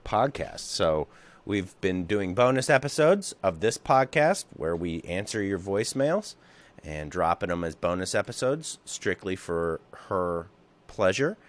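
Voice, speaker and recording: Male podcast host, joking and rambling, casual chat, lively pitch that swings widely. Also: a little slow. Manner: jokey, rambling, puts on silly voices.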